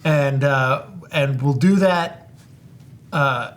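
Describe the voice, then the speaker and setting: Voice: medium pitch, drawn-out words, background noise. A co-host doing show housekeeping in a casual, rambling way, with many fillers and restarts. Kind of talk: casual chat.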